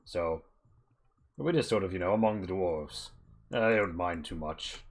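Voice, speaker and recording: A man voicing a large, gruff male bugbear mercenary captain who talks bluntly and boastfully. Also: low voice, animated, normal speed.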